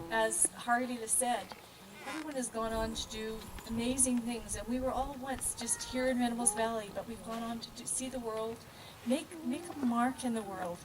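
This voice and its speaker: A woman guest speaker, a former educator, giving a short affectionate address to graduates. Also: on the high side. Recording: noisy background.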